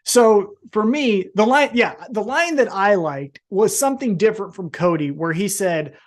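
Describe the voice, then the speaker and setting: A woman's voice: mid-range voice, expressive, normal speed. A woman co-hosting a wrestling podcast, chatting casually with emphatic swearing. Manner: profane, emphatic. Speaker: podcast co-host.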